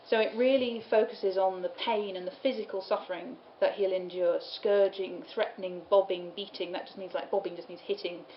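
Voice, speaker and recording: A woman gives a relaxed lecture on medieval poems, reading lines aloud and laughing now and then. Her talk echoes around the room. The recording is a little dull, with faint room noise behind her. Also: medium pitch, moderate pace, few pauses. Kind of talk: study-day lecture.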